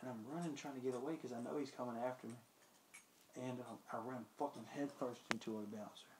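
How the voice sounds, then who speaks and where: A man's voice: medium pitch, brisk. A drunk man rambling through a profane anecdote, acting out the lines of the people in it. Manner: profane, animated, acts out quotes. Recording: roomy with faint noise.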